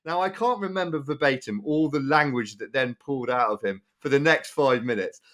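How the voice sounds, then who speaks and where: A man telling a story in casual podcast chat, animated and prone to repeating himself. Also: mid-range voice, normal speed. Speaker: podcast co-host.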